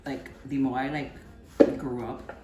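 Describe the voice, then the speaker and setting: Woman, twenties, Trinidadian accent, animated storytelling, casual cooking chat, echoey kitchen. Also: very deep voice, slow, muffled recording, heavy background noise. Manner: animated storyteller, drops into quiet asides while cooking. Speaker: channel host cooking. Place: home kitchen.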